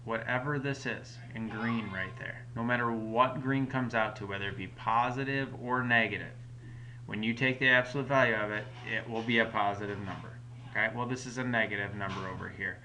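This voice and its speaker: A man's voice: fairly low pitch, background noise. A man teaching a recorded math lesson at home, explaining each step patiently in a casual way. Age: adult parent.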